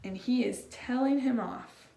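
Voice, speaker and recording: A woman's voice: on the high side, measured pace, gravelly, mellow. A young adult woman preaching a casual, chatty sermon to a congregation, emphatic and slangy. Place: large room with a congregation. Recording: roomy echo, faint room noise.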